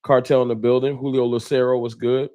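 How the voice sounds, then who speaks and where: Man, livestream host, casual chat, slangy, laid-back, mid-pitched voice. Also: little pitch movement, a little fast, mellow. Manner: laid-back, slangy, reads out viewer names.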